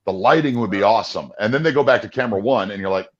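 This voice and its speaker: A podcast co-host and voice-over performer with a fairly low voice talks rapid-fire in dull-sounding audio. Co-hosting a casual movie discussion, he rambles, restarts, and chuckles between points.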